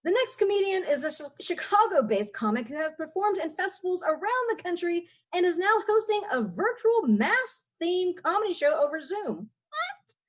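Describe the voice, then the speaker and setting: A woman's voice: very high voice, sing-song, moderate pace. A woman hosting a comedy show who announces and introduces the next comic. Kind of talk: introducing acts.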